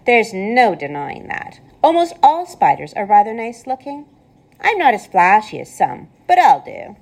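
A woman voicing a pleasant, clever female spider with a thin voice, calm and matter-of-fact in a storybook read-aloud. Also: mid-range voice, a little slow, voice pushed up, exaggerated voice. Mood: calmly explaining.

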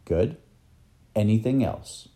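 A man's voice: on the low side, lively intonation, slow, mellow. A man voicing a kindly older male professor in a storybook, speaking in an encouraging, teacherly way.

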